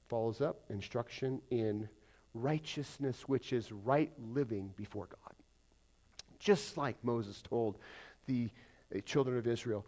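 A man preaching a sermon to a congregation, emphatic, putting questions to the listeners and swinging between loud stresses and quiet asides. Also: medium pitch, unhurried. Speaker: pastor.

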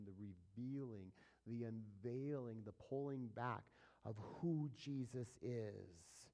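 A male pastor teaching a verse-by-verse sermon, casually asking his listeners questions and moving between quiet asides and louder emphatic passages. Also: mid-range voice. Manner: conversational preaching, asks the audience questions, swings between soft and loud.

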